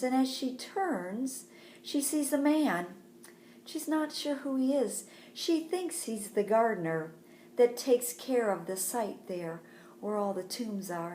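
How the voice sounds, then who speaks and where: A woman teaching a Sunday school lesson for children, telling a Bible story slowly and expressively. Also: medium pitch, darkish tone, echoey room, a little hiss or hum.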